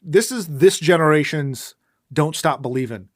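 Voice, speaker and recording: A man's voice: on the high side, normal speed, no room sound, clean studio sound. Sarcastic man ranting on a podcast. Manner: sarcastic, ranting, puts on silly voices. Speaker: podcast co-host. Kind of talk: casual movie-recap chat.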